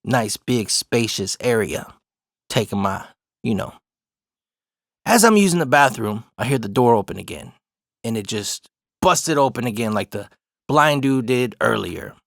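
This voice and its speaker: A man in the middle of a casual personal story, cursing freely and laughing along as he goes. His voice sits at an ordinary middle pitch. The sound is close and dry, with no room around it. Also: expressive, measured pace, vocal fry, no room sound. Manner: profane, laughs through the story.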